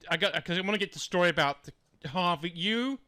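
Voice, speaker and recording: A man hosting a radio show, talking casually and quickly. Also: high-pitched, lively intonation, sharp tone, clean tone. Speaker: radio host.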